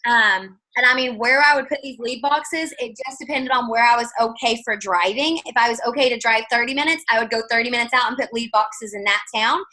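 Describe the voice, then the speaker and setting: A woman, telling her story in a chatty, animated way on a video call. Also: a little high, fairly quick, hardly any pauses, low-quality recording. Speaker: guest speaker.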